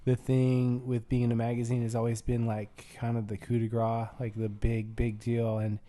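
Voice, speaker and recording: A man's voice: medium pitch, completely flat delivery, moderate pace, mellow. A man hosting a podcast, asking questions in a loose, casual way full of fillers. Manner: loose, filler-heavy talk. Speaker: podcast host. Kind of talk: casual chat.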